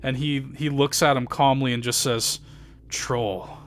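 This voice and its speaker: A man's voice: medium pitch, flat delivery, normal speed, a bit bright, slight background noise. A man running a tabletop game as game master, narrating loosely with many fillers and casual swearing.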